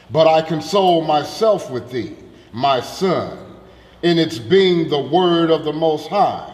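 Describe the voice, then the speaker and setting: A man's voice: a little high, reverberant, long reverb tail. A man reading scripture aloud steadily. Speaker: scripture reader.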